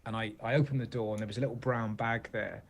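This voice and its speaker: An English comedian chatting as a guest in an interview, telling animated anecdotes and often asking "you know what I mean?". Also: male voice, mid-range voice, fast talker, slight background noise. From England. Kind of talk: casual interview chat.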